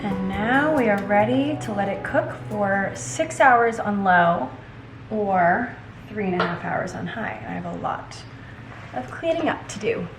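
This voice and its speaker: A woman's voice: mid-range voice, measured pace, roomy sound, far from the mic, loud music behind the voice, poor audio. A young woman vlogging casually from her home kitchen, bubbly and chatty, joking as she cooks. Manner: bubbly and chatty, jokes while cooking. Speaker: lifestyle vlogger. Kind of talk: casual vlog chat.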